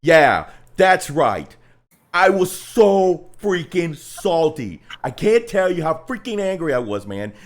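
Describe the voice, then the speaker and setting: A man's voice: on the high side, slow. A man co-hosting a hobby live stream, chatting casually and rambling with lots of "man" and mild swearing. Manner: rambling, animated, swears mildly, says "man" a lot. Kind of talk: casual chat.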